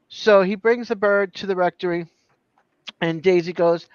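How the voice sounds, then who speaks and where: A man's voice: high voice, steady tone, normal speed, clean tone, dry recording, highs cut off. A man telling a joke on a live stream call, chatty and giggly. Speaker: caller telling jokes.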